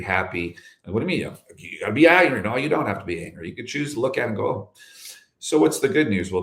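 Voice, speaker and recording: A man's voice: medium pitch, reverberant. A man talking in an interview as a guest, emphatic, repeating phrases and asking rhetorical questions. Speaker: guest, security chief and health advocate. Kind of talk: reflective interview talk.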